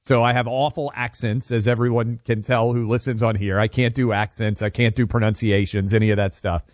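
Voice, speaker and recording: A man's voice: mid-range voice, flat delivery, brisk, no echo, clean studio sound. A man co-hosting a talk radio show, chatting bluntly and poking fun at himself. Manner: blunt, self-deprecating. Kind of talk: casual opinionated banter.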